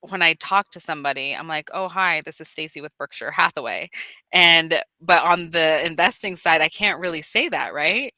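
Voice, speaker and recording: A woman's voice: low voice, normal speed, pushed and bright, no echo. A woman real estate agent being coached on a casual call, thinking aloud with many restarts and small laughs.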